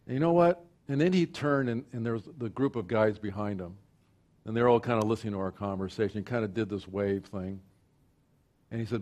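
A middle-aged male pastor preaching a sermon, moving between rousing declarations and quiet storytelling. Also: on the low side, fairly quick.

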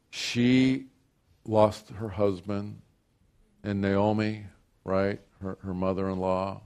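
An older man, a grandfather, preaching a sermon, moving from loud declarations to hushed, folksy storytelling. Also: fairly low pitch. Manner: folksy, repeats and restarts phrases. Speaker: pastor.

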